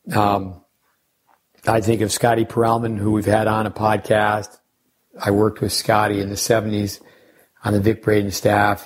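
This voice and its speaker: A man's voice: lowish voice, breathy edge. An older man, a tennis coach hosting a podcast, talking casually and rambling through coaching lessons and side stories. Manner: rambling, anecdotal, with restarts and sidebars.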